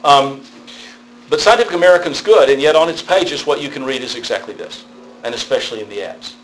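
A man's voice: mid-range voice, brisk, rough recording. A middle-aged man, a pastor, giving a conversational theology lecture, checking in with his listeners as he goes. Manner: conversational, animated storytelling with tag questions.

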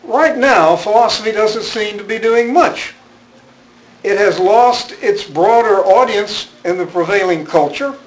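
A man's voice: high-pitched, lively intonation, unhurried, a little hiss or hum, poor audio. An older man giving a public philosophy lecture, wry and rambling, with a self-deprecating manner. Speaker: guest speaker, philosophy professor. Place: lecture room with audience.

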